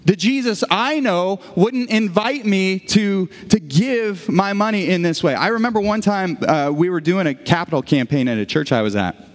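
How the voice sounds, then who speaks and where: Man, middle-aged, pastor, sermon, chatty and halting, frequent restarts, slightly high voice, long reverb of a church hall. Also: expressive. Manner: conversational, frequent restarts, asides to the congregation. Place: church sanctuary.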